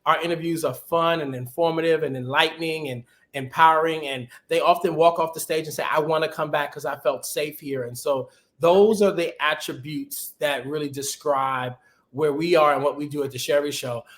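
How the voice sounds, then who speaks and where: A man speaking casually as a guest in a webinar interview, giving animated, conversational career advice over a video call. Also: a little high, normal speed. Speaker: guest, TV executive producer.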